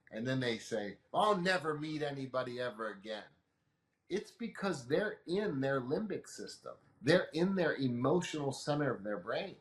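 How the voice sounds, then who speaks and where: A calm, patient man explains things the way a teacher would, leaning on everyday examples. His voice sits at an ordinary middle pitch. The recording has a noticeable roomy echo around it. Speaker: emotional management expert guest. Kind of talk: explanatory interview answers.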